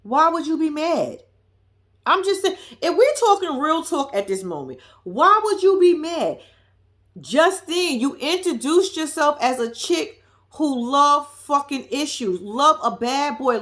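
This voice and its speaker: Lively, bright-voiced sassy woman vlogger. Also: sits high, moderate pace. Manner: blunt, profane and sassy, addressing viewers directly. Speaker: reality TV reaction vlogger. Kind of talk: casual reaction commentary.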